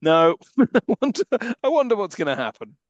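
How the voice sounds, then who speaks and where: A man co-hosting a podcast, trading quick, jokey banter about a film and laughing often. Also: very high-pitched, wildly swooping pitch, darkish tone, no room sound, highs cut off. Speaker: podcast co-host. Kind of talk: casual film-review chat.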